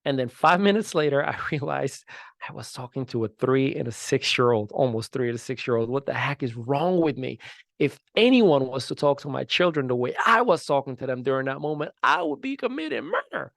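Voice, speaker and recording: A man in his thirties hosting a podcast, giving an emphatic motivational talk that swings from loud to soft. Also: medium pitch, expressive, fairly quick, creaky, no echo, clean studio sound. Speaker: podcast host.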